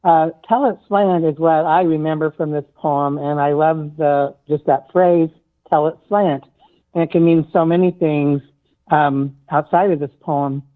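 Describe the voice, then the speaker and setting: A caller phoning into a poetry discussion, warm and enthusiastic and a little rambling. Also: medium pitch, steady tone, a little slow. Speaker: phone-in caller. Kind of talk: casual seminar discussion. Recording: tinny phone line.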